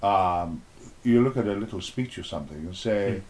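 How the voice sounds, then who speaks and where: A man's voice: low voice, animated, normal speed, darkish tone. An older man, an actor being interviewed, reminiscing in a rambling, playful way and acting out little exchanges as he tells them.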